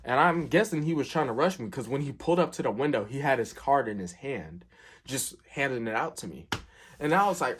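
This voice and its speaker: A young man telling a work story in a casual, animated way, acting out the quotes with big jumps in pitch. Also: fairly quick, slightly rough. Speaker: storyteller, fast food worker.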